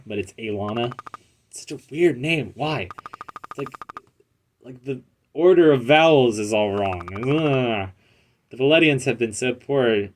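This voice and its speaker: A man's voice: medium pitch, a little hiss or hum. A man hosting a casual let's play, rambling through gameplay commentary with self-mocking jokes. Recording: loud game music behind.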